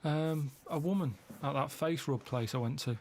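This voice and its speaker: A man telling rambling anecdotes in a deadpan, plodding way during casual comic chat. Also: a little high, normal speed, a little hiss or hum. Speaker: co-host.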